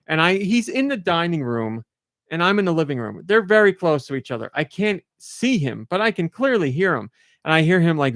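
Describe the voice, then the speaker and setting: A man hosting a casual podcast, telling stories in an animated way and acting out quotes. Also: on the high side, clear, resonant tone, dry recording, studio quality. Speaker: podcast host.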